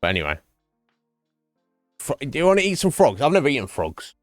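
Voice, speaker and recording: A man's voice: mid-range voice, huge pitch swings, fairly quick, no echo. A man streaming a game and chatting casually with his viewers, musing aloud with lots of fillers and restarts. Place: home streaming setup. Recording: dry close mic, faint game music behind.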